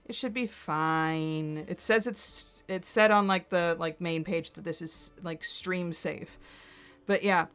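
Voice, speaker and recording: A young adult woman streaming from her computer, chatting casually and excitedly, rambling with lots of fillers and frequent giggles. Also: fairly low pitch, takes it slowly, clean tone, soft background music. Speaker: streamer reacting to content. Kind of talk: casual chat while screen-sharing.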